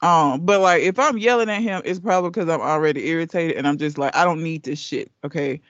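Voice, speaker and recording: A woman's voice: sits low, quick pace, no echo, dull audio. A woman co-hosting a casual podcast, telling stories in a blunt, profane way. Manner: blunt, profane, animated storyteller. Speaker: podcast co-host.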